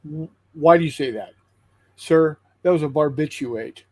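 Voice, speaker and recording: Husky man telling a rambling joke. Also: fairly high pitch, a little mellow, rough recording. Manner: halting, repeats words while telling a long joke. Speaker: co-host of a tabletop painting stream. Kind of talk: casual joke-telling on a stream.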